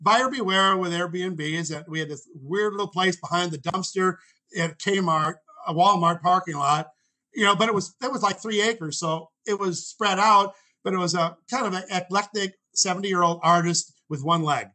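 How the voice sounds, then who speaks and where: Older guy in his 60s, high bright voice, rambly storyteller, keeps correcting himself. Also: normal speed, low-quality recording. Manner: rambling, self-correcting anecdotes; acts out quoted voices. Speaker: guest. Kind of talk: storytelling in conversation.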